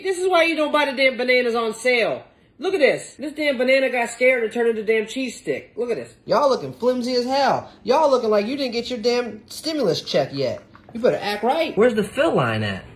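High-voiced woman ranting animatedly in a kitchen. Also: very animated, a little fast. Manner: loud, exclaiming, profane running commentary. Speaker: comedian cooking on camera. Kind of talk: comedic cooking vlog commentary. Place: home kitchen.

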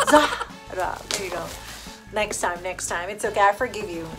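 A woman's voice: fairly high pitch, a bit bright. A woman vlogger in a casual unboxing chat, giggly, playful and chatty. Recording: clear background music under voice.

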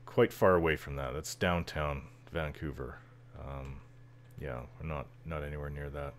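A man talks over his game in an extremely deep, low voice. He rambles loosely, full of ums and little chuckles, and a faint hiss of noise sits behind him. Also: fairly even intonation, moderate pace. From Canada. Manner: rambling, chuckles often, many fillers. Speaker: gameplay commentator. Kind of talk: casual let's-play chatter.

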